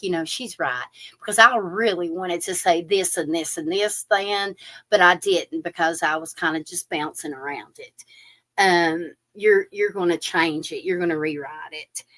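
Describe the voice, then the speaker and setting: A woman's voice: lowish voice, moderate pace. A woman giving a chatty live-stream tarot reading, talking straight to her viewers. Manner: chatty, animated, addresses viewers directly with fillers. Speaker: tarot reader.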